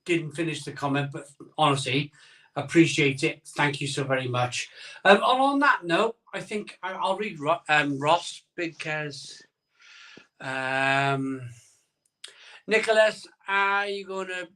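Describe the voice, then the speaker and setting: A man's voice: fairly high pitch, slow pace, bright, forceful tone, distant mic. A man hosting a casual live stream from home, rambling and reading out viewer comments.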